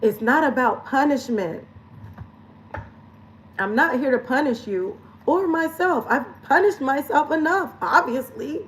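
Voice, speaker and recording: A woman's voice: high voice, animated, unhurried, recorded from a distance, slight background noise, poor audio. A woman lifestyle coach talking candidly in a confessional vlog, emotional and earnest, laughing between phrases and repeating lines for emphasis.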